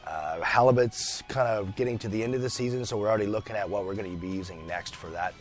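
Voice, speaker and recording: A chef from British Columbia talks easily as a radio studio guest, his voice sitting fairly low. He is friendly and relaxed, often pausing on small fillers as he thinks. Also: soft background music. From British Columbia, Canada. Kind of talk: casual radio interview.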